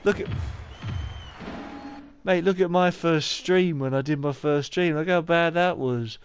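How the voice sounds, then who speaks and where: A man's voice: fairly high pitch, a little slow, faint music behind. A man live-streaming a baseball game, talking in a rambling, stuttering, encouraging way. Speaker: gaming streamer.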